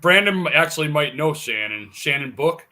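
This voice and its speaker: Man, podcast co-host, bright tense tone, halting questions full of fillers. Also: on the high side, animated. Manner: hesitant questioner, many fillers. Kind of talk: casual chat.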